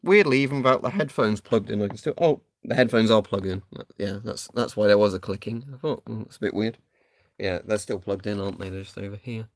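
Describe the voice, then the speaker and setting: A man's voice: fairly low pitch, brisk, dry recording, studio quality. A man doing a casual live stream, chatting and thinking aloud while he tests equipment.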